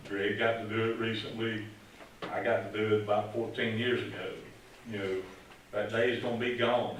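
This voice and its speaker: A man's voice: on the low side, slight background noise. A middle-aged man, telling a rambling, folksy story as a speech at a retirement ceremony. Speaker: retired police officer giving a retirement tribute. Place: large room at a ceremony. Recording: echoey room, speaker far from mic.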